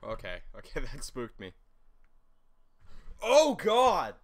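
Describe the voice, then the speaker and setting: Animated young man commenting on a game. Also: mid-range voice, takes it slowly. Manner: animated, swearing, reading game lines aloud. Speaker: let's play host. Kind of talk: casual gameplay commentary.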